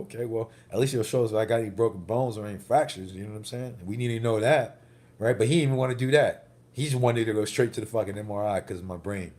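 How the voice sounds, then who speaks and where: Man, casual vlogger, bruised after a wreck; deep voice, swearing, heated storytelling. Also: darkish tone. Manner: rambling, profane, heated storytelling. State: recovering from a car wreck, banged up. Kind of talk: casual vlog monologue.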